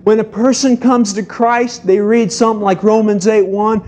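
A middle-aged man preaching a sermon to a congregation, telling stories in a lively way and acting out the voices in them. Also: high-pitched, normal speed, few pauses, lo-fi sound. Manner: animated storytelling, acts out voices. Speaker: pastor.

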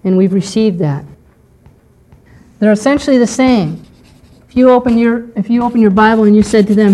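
A woman's voice: mid-range voice, normal speed, long pauses, warm tone, rough recording. A woman teaching a Bible class in a conversational lecture style, often checking in with her listeners.

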